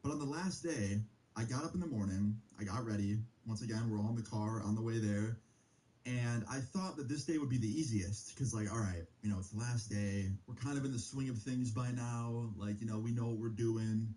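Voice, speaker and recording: Casting note: young male streamer, laid-back storyteller, dark mellow tone, loose and profane. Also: medium pitch, brisk, poor audio. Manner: rambling, profane, heavy use of filler like. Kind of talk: casual storytime.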